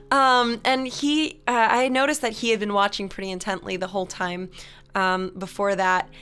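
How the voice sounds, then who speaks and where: A woman's voice: mid-range voice, flat delivery, normal speed, fairly bright tone, smooth. A young woman streamer casually chatting with her viewers, telling stories with frequent laughter and reading chat aloud. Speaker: live streamer and musician.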